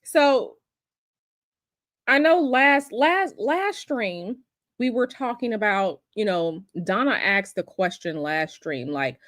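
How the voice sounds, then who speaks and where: A woman's voice: medium pitch, expressive, slow pace, fairly bright tone, dry recording, studio quality. A woman hosting a casual livestream, chatty and sassy, calling her viewers y'all and baby. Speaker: livestream host.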